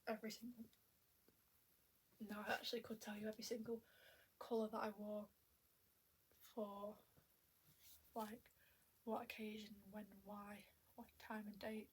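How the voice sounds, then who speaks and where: Speaking on the high side, a young woman chats to her tablet camera indoors at home over slight background noise. Her rambling vlog talk is self-mocking and a little breathless, frequently dropping to a half-whisper.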